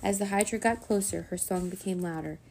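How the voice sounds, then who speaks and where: A woman reading a children's chapter book aloud in a steady, even narrating voice. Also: mid-range voice, brisk, gravelly, a little hiss or hum. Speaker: storyteller.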